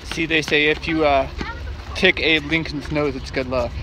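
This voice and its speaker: A man's voice: a little high, steady tone, moderate pace, noisy background. A middle-aged man vlogging on a hike, joking and teasing himself in a playful, casual way. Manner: joking, self-mocking, playful. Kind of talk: casual vlog chat. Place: outdoors at a state park.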